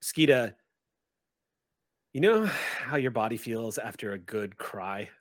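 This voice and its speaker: A man's voice: mid-range voice, expressive, slow pace, dry recording, studio quality. A man running a tabletop game, describing scenes and speaking to players, rambling with restarts. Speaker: game master.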